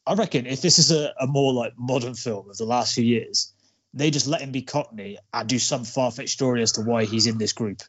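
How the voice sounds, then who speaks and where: A man's voice: medium pitch, fairly quick, a bit bright, husky, dull audio. A man on a podcast, reflective and easygoing as he discusses a film.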